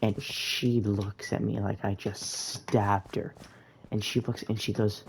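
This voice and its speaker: A young man tells a story at an unhurried pace while he plays a game. His voice has a gravelly fry, and his delivery rambles in a laid-back way with plenty of fillers and slang. He sounds relaxed and chatty. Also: fairly low pitch, a little hiss or hum. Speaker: gaming storyteller. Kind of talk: casual storytime narration over gameplay.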